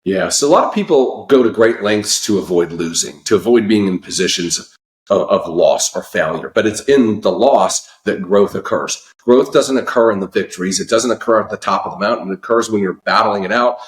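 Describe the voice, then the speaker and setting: A man's voice: fairly low pitch, a little fast. Motivational male podcast host, echoey room. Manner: motivational, stresses key phrases, repeats himself when starting questions. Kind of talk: interview questions and reflection.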